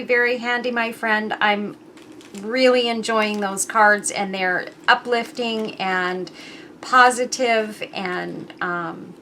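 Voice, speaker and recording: A woman's voice: fairly high pitch, pushed and bright, slight background noise. A middle-aged woman hosting her own crafting channel, chatting in a rambling way with many ums, and moved close to tears. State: emotional, near tears. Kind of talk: casual chatty craft vlog.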